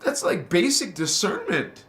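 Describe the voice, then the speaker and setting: A man giving an impassioned spiritual talk, casual and slangy, swearing and flaring up into loud outbursts. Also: sits high, wildly swooping pitch, unhurried, roomy sound. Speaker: spiritual teacher.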